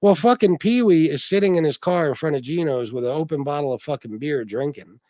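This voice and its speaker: A man's voice: a little high, lively intonation, a little fast, a little mellow, dry recording. Give me a rambling, profane livestream host, a man with a dry sound. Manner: rambling and profane, with frequent restarts. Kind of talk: casual livestream chat, reading donations and comments.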